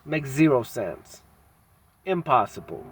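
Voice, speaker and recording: In his candid vlog monologue, the man's medium-pitched voice is creaky and husky, and he sounds very animated. He talks in a halting, reflective way with many pauses and fillers, blunt about himself and self-critical, with casual slang.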